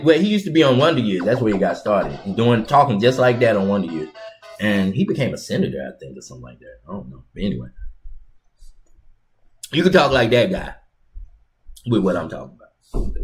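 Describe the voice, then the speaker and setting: A man's voice: mid-range voice, sing-song, brisk. Rambling casual man hosting a talk show. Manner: rambling, repetitive, conversational with slang. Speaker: host. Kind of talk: casual instructional monologue.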